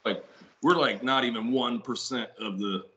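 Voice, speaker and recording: A man's voice: medium pitch, normal speed, sharp tone, lo-fi sound, a little hiss or hum. A middle-aged man talking casually as a podcast guest, rambling with lots of fillers, restarts and swearing over a video call. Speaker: guest, ritual seller.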